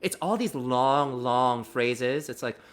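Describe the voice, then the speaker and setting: A man being interviewed as a theater actor, telling animated anecdotes and often restarting his sentences. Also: medium pitch. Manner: animated, quick-talking anecdotes with many restarts. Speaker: guest, musical theater actor. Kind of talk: conversational interview storytelling.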